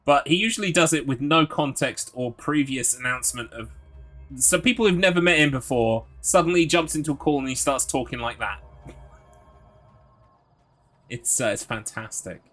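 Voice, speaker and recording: A man hosting a live game stream, talking to his chat in a friendly, upbeat flow and laughing often. His voice sits in the middle range for a man, with a bright, forward tone. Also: mid-range voice, expressive, normal speed, faint music behind.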